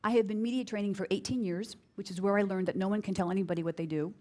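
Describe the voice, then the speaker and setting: An energetic middle-aged American woman leads a live business workshop. She talks with emphasis, circles back on key phrases and drives each point home to the room. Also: racing. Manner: acts out quoted voices with big pitch jumps. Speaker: speaker giving a business workshop. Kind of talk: live workshop talk to an audience.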